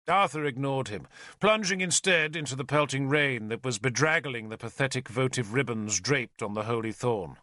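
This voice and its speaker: This audiobook is narrated by a man whose mid-range voice moves at normal speed, delivering the story expressively. The audio has no room sound and is of studio quality.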